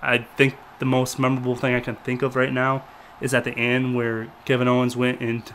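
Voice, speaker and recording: A man co-hosting a casual wrestling review show, talking in a relaxed, rambling way and trailing off quietly at times. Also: medium pitch, fairly quick, slight background noise. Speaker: co-host.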